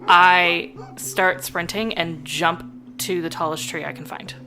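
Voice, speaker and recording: A woman's voice: lowish voice, steady tone, slow, over loud music. A woman playing a tabletop role-playing game, chatting casually with the game master about her character's moves. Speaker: player.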